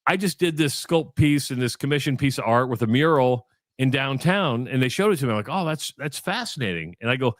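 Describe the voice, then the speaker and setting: A man's voice: mid-range voice, animated, fairly quick, dry recording, clean studio sound. A middle-aged man from Iowa co-hosting a radio show, telling a long story and acting out both sides of the chat. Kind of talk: casual storytelling on sports radio.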